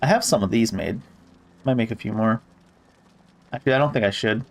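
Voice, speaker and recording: A man's voice: mid-range voice, brisk. A man giving casual gameplay commentary who reads game text aloud and swears offhandedly. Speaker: gamer.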